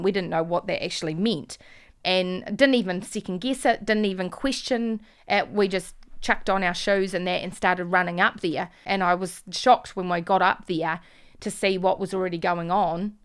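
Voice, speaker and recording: A woman, a mother, giving an earnest, emotional eyewitness account that often drops quiet. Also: on the low side, smooth. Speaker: mother recounting a protest.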